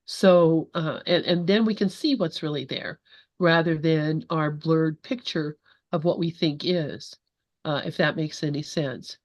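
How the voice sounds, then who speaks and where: A woman's voice: low voice, a little slow, dry recording. A woman leading a casual spiritual discussion over a video call, talking in a rambling way with many restarts. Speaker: group discussion leader.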